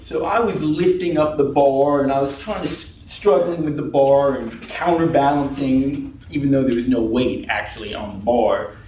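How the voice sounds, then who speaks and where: A man's voice: mid-range voice, moderate pace, hardly any pauses, dark tone, a little hiss or hum. A man giving a humorous prepared speech at a speaking club, telling wry stories and acting out the people in them. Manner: wry storytelling, acts out quoted people. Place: meeting room. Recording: echoey room from far off.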